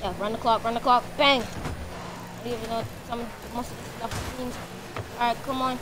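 A woman streaming a car football game live, commenting excitedly and shouting at her teammate. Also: on the high side, moderate pace, noisy background.

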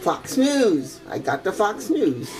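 Older grandma chattering through a video game. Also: female voice, medium pitch, big pitch swings, slow, music in the background. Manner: chatty and exclamatory, with old-fashioned oaths and giggles. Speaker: gaming grandmother. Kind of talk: casual game commentary.

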